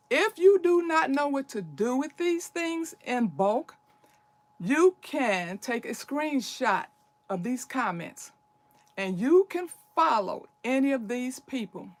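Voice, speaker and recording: A woman's voice: fairly high pitch, dry recording. An older woman hosting a casual livestream, talking in an urgent, preachy, emphatic way. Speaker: livestream host.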